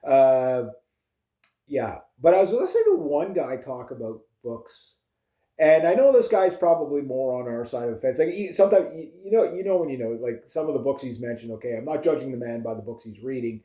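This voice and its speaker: A man talks on at home in an unhurried, rambling way, full of fillers and restarts. His voice is quite dark and mellow, and the room around him rings with echo. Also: mid-range voice, very animated. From Canada. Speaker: vlogger. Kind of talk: casual rambling chat. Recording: echoey room.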